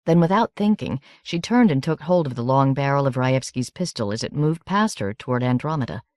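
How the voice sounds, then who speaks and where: A woman narrating a novel as an audiobook in a steady, measured reading. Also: extremely low pitch, no room sound, clean studio sound.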